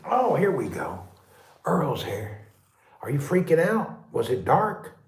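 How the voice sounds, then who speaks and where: A man live streaming casually from his dark house during a power cut, talking to viewers and calling out high and loud to his pet. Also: very animated, slow. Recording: echoey room.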